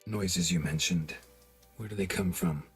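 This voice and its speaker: A very deep, terse monster hunter. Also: male voice, measured pace, slightly rough, soft background music, exaggerated voice. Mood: businesslike. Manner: terse, dry and blunt. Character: gruff middle-aged male monster hunter, curt and wry. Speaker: witcher for hire. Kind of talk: video game voice acting.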